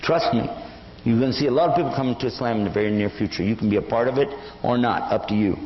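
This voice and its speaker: A fast, medium-pitched older preacher delivers an Islamic lecture over a little hiss or hum. He tells stories with animation and acts out their voices, in an echoey hall with dull lo-fi audio.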